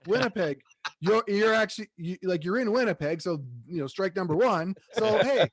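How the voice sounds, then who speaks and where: Joking co-host man, slightly higher voice. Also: moderate pace. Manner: joking, rambling, repeats words. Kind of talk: casual chat.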